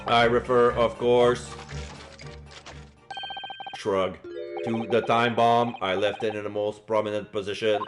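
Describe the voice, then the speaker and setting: A man's voice: fairly low pitch, flat delivery, slow pace, long pauses, over music. A man voicing a scheming mechanical villain from a game in a stiff, robotic manner. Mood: menacing.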